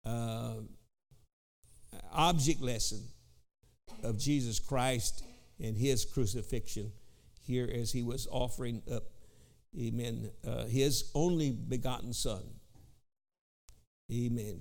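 A man with a Southern US accent leading an informal Pentecostal Bible study, halting and repeating himself, dropping in frequent amens and slowing down to read scripture. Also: mid-range voice.

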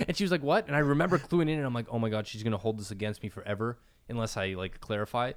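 A man's voice: mid-range voice, quick pace. Young canadian guy hosting a podcast, rambly storyteller, says "like" a ton, right up on the mic. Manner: rambling storyteller, lots of "like" fillers. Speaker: podcast host. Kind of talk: casual podcast chat. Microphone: close podcast mic.

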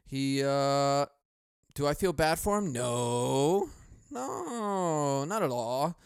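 Profane, rambling young podcast host. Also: male voice, fairly high pitch, big pitch swings, extremely slow, vocal fry, clear, resonant tone, no room sound, studio quality. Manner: profane, rambling, laughs often. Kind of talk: casual ranting podcast monologue.

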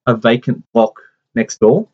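A man's voice: mid-range voice, a little slow, breathy edge. A man in his forties telling a family story in a casual, rambling way, full of restarts and asides. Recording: dull lo-fi sound.

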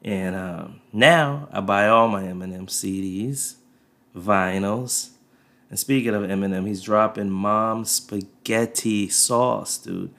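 Speaking slowly with vocal fry, this podcast host has a fairly low, fairly bright voice. He's a man in his thirties spinning a casual, meandering, profanity-heavy story into a desk USB mic while faint music runs in the background.

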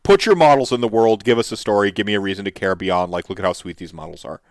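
Male host, casual commentary; smooth, resonant, dry; eager and rambling. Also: lowish voice, quick pace, no room sound. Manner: enthusiastic, rambling with restarts and fillers. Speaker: host reacting to miniature reveals.

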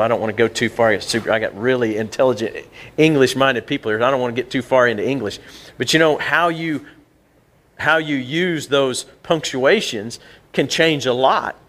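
A man's voice: mid-range voice, a little fast, fairly bright tone. A middle-aged male pastor, preaching a sermon in a conversational way and often repeating and restarting his words. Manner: conversational, repeats words and jumps back and forth. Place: church sanctuary.

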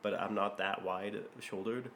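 A man's voice: on the low side, steady tone, moderate pace, fairly bright tone. A man co-hosting a podcast in casual chat, hesitant and full of restarts, with dry jokes. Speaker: podcast co-host.

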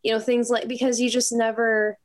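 A woman's voice: a little high, level tone, brisk. Chatty woman musician full of fillers. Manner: chatty, laughs often, many fillers. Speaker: musician guest. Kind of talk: casual interview chat.

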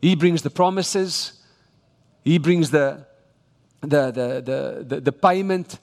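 A man's voice: a little high, slow pace, creaky. South African man preaching in an echoing hall. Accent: South African English. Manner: emphatic, exhorting delivery with frequent restarts. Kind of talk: sermon. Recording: long reverb of a large church hall.

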